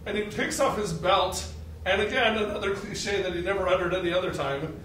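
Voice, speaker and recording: A man in his forties with a high, bright, forceful voice tells an animated personal story on stage and laughs along with it. He is heard from some distance in a very echoey hall. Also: fairly quick, slight background noise. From Arkansas, USA. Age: 40s.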